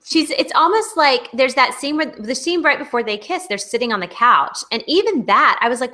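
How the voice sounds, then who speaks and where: A woman's voice: sits high, animated, brisk, few pauses, sharp tone. A woman co-hosting a casual online hangout over a video call, critiquing bluntly and with emphasis. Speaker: co-host.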